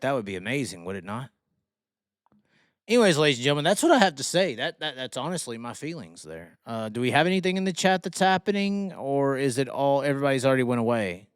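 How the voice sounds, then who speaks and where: Male host, fired-up profane racing rant, smooth clear voice, dry close sound. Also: medium pitch, sing-song, brisk, no echo. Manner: heated, swearing, mocking. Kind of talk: profane opinion rant on livestream.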